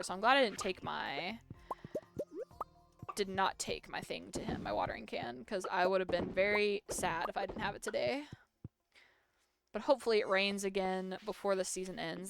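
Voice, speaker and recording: A woman's voice: mid-range voice, creaky. A woman game streamer chatting casually while she plays, rambling through a story with lots of "like" and free swearing.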